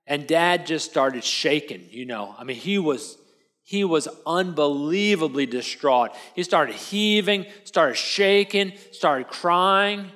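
A man with a somewhat high voice tells a first-person dramatic monologue as a sermon. He talks in a loose, conversational way and keeps checking in with the listener. His lines are full of restarts. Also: expressive, slow, fairly bright tone. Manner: conversational storytelling with tag questions and restarts.

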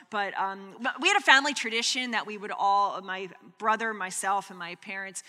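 A woman preaching a sermon, telling family stories in an animated way and acting out what people said. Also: on the high side. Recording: long hall reverb.

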